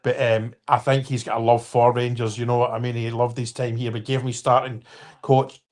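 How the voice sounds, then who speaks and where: A man's voice: mid-range voice, level tone, a little fast, a little mellow. A man in his fifties hosting a casual live-stream football chat, rambling with restarts and apologies and talking to viewers by name. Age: 50s.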